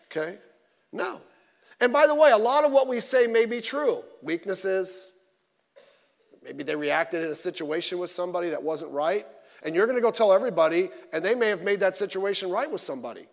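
A man preaching a sermon in a conversational, animated way, acting out what people say. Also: high-pitched, moderate pace, pauses often. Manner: conversational, animated, acts out quoted voices. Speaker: pastor. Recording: long hall reverb.

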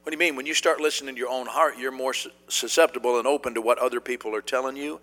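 A man preaching a sermon, telling a story in a folksy, animated way with many fillers and restarts. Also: mid-range voice, racing, long reverb tail.

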